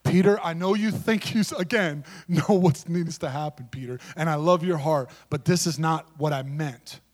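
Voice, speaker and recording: A preacher voicing a gentle, loving male teacher. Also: fairly high pitch, normal speed, natural voice. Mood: tender.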